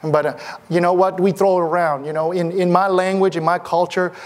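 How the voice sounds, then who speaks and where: A man preaching a sermon in church, with animated, rising exclamations. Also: sits high, brisk. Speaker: pastor. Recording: long hall reverb.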